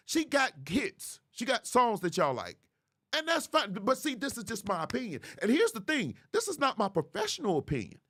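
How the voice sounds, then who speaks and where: A man's voice: very high-pitched, wildly swooping pitch, moderate pace, a bit bright, dry recording, clean studio sound. A man hosting a show, speaking casually and preaching straight to his viewers. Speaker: host. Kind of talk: casual commentary monologue.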